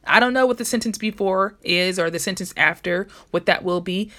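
A woman explains grammar rules to her listeners in a relaxed, conversational way. She stops to correct herself and addresses the audience directly. Her voice sits at an ordinary middle pitch. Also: fairly quick. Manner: chatty, self-correcting, talks to listeners directly. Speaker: podcast host teaching grammar. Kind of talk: casual teaching monologue.

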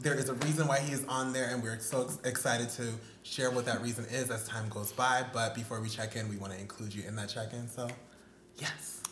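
A man's voice: mid-range voice, steady tone, a little fast, fairly bright tone, roomy sound, slight background noise. A man co-hosting a casual podcast, playful and teasing, with preacher-like flourishes. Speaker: podcast co-host. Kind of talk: casual chat.

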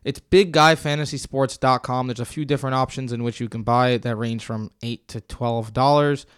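A man's voice: mid-range voice, moderate pace, clear, resonant tone, no room sound, studio quality. Casual young man co-hosting a podcast. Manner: relaxed, chatty, reads out promo codes. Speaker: podcast co-host.

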